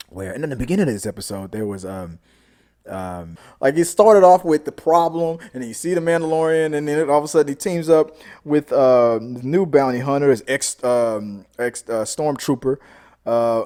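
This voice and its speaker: A man hosting a casual TV episode recap, talking in an animated way, repeating himself and acting out scenes. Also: medium pitch. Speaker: show host, TV reviewer.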